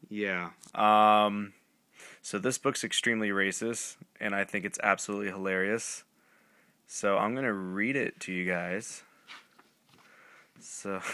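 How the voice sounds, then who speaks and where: Mocking male vlogger, lowish bright voice, crude sarcastic read-aloud commentary.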